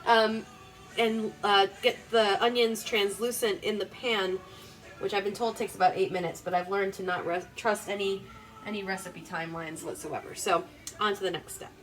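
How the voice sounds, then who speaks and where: A woman's voice: medium pitch, fairly even intonation, normal speed, rough recording. A young woman hosting her home cooking show in her kitchen, talking casually in a rambling, self-deprecating way full of fillers. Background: playlist music playing faintly.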